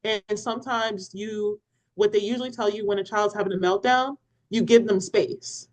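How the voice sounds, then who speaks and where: This co-host of a parenting podcast has a mid-range voice and a moderate pace, recorded with poor audio. She tells an animated story in casual conversation, acting out others' words and laughing.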